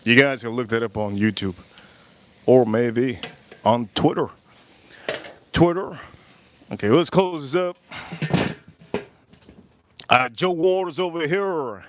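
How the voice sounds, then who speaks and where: A livestream host grills outdoors in a casual cooking stream, talking to chat, making loose jokes and reading super chats aloud. His mid-range voice comes at a slow pace with many pauses, and there's slight background noise.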